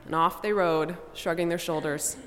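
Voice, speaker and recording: A woman pastor preaching a measured sermon, her voice softening to a hush on sombre lines. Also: on the low side, steady tone. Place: church sanctuary. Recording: long church reverb.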